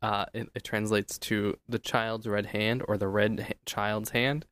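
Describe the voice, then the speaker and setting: A man's voice: fairly low pitch, little pitch movement, measured pace, a bit bright, clear, resonant tone, no echo. A man co-hosting a casual home podcast, rambling and chuckling, close to a desk mic. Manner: laid-back, chuckling, rambling. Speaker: podcast co-host. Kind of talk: casual chat. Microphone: desk studio mic.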